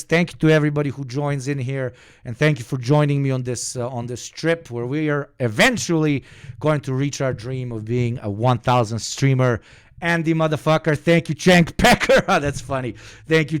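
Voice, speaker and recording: Hoarse, profane male streamer yelling thanks. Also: normal speed. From Balkans. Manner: shouting, profane and hyped; calmer, low-key and sincere. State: hoarse from screaming. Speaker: livestream host. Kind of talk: excited livestream thank-yous.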